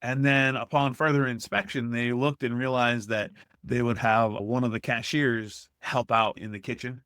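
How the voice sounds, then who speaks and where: A man's voice: mid-range voice, normal speed, clean tone, no echo, studio quality. A man, a restaurant consultant guest on a podcast, telling stories conversationally and acting out the people he quotes. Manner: animated, acts out quoted people. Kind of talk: conversational storytelling.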